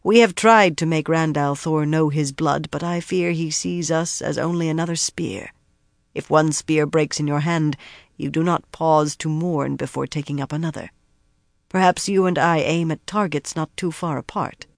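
A shrewd, leather-faced old woman elder speaks in slow, solemn, measured tones, as the audiobook reader puts her on. Her voice sits at a middle pitch and is recorded close and dry. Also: steady tone, creaky, dry recording, close to an everyday voice.

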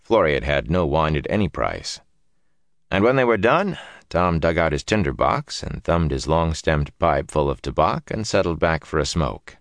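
A man reading a fantasy audiobook in an expressive, dramatic storytelling manner. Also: rumbling low, normal speed, no room sound, studio quality. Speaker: narrator. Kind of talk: audiobook narration.

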